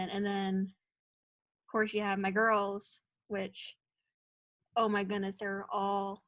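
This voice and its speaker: A woman's voice: medium pitch, no room sound. A young woman, a college soccer player, telling stories in a casual interview and acting out the lines she quotes. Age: young adult. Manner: animated storytelling, acts out quoted lines.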